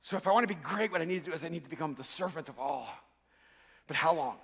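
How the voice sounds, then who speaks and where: A man preaching a sermon, swinging from loud shouting to hushed asides and often repeating words as he starts a sentence. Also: fairly high pitch, fast talker, husky, big-room sound. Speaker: pastor.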